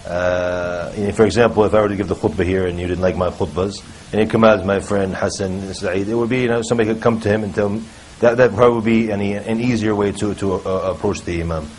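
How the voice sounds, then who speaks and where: A man's voice: fairly low pitch, fairly even intonation, fast talker, a little mellow, a little hiss or hum, rough recording. Hesitant male panel speaker. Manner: hesitant, many fillers and restarts. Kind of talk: casual panel talk.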